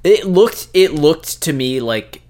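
Easygoing male co-host, mid-pitched voice, relaxed conversational recap. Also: slow pace. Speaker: podcast co-host. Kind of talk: casual movie recap chat.

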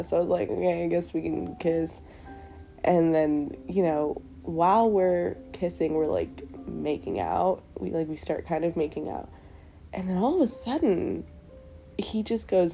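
A young woman hosting a podcast, telling her stories in a casual, animated way with frequent swearing and laughter. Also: medium pitch. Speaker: podcast host. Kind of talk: casual storytelling.

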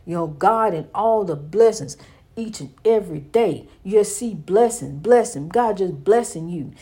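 Her medium-pitched voice is expressive and mellow with a breathy edge, and she keeps a measured pace. In this fervent, inspirational sermon, she says things again and again and addresses the listener as "honey."

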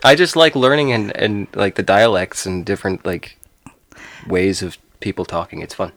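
A man's voice: low voice, moderate pace, a bit bright, dry recording. A man co-hosting a podcast, chatting casually in a loose, rambling way with plenty of swearing and laughter. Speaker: podcast co-host. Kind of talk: casual chat.

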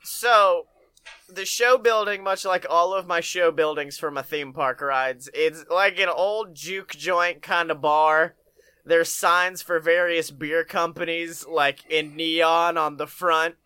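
A man co-hosting a casual comedy podcast, joking, rambling and laughing often as he pitches ideas. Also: steady tone, takes it slowly, bright, forceful tone, clear, resonant tone, no echo. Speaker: podcast co-host.

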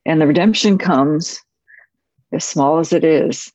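A woman screenwriter reflecting on a film shoot, speaking softly and haltingly, with many pauses and restarts. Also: low voice, dry recording. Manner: soft-spoken, halting, with frequent pauses and restarts. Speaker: screenwriter guest. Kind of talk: reflective anecdotal storytelling. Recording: dull, muffled audio.

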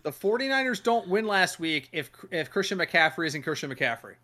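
A man hosting a casual sports podcast, talking in an animated way, swearing and acting out what other people said. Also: high-pitched, moderate pace. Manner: animated, swears, acts out quoted voices. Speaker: podcast host.

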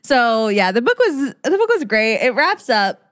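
A woman's voice: a little high, sing-song, measured pace, a bit bright, dry recording, studio quality. A young woman co-hosting a book podcast, upbeat and chatty as she wraps up and announces what is coming next. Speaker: podcast co-host. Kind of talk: casual chat.

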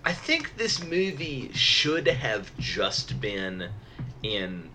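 Guy on a podcast, bright edgy voice, pitch jumps around a lot, faint hiss behind. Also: very animated, drawn-out words, low-quality recording. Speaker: podcast co-host. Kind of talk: casual movie chat.

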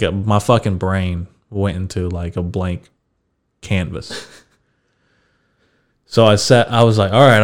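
Telling a story for his podcast, this casual young host speaks in a fairly low voice. His delivery stays relaxed and unhurried, full of swearing and laughter.

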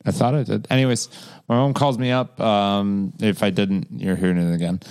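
A man's voice: on the low side, fairly even intonation, normal speed, a little mellow, clean tone. A man on a casual podcast, telling crude, swear-filled stories about his family. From Canada. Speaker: podcast co-host.

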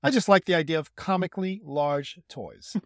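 A man's voice: on the high side, moderate pace, no echo. A man co-hosting a casual podcast, making wry, dry quips. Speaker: podcast co-host.

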